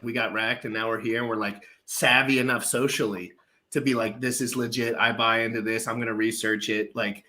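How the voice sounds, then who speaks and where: A man with a bright, forceful voice, chatting loosely on a podcast roundtable. He talks in an animated, swearing, rambling way. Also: mid-range voice. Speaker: podcast co-host. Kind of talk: casual roundtable chat.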